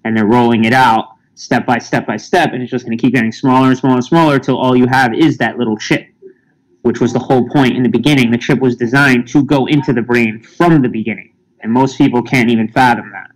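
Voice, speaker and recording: A man's voice: medium pitch, steady tone, fairly quick, poor audio. A man in casual podcast chat, talking in an emphatic, insistent way. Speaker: podcast guest.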